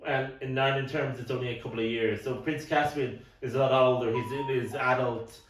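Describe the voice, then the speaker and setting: A man's voice: medium pitch, fairly even intonation, a little fast, slight background noise. A middle-aged man co-hosting a podcast in casual chat, rambling and stumbling over repeated words, with a cough now and then. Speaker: podcast co-host. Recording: roomy, distant mic.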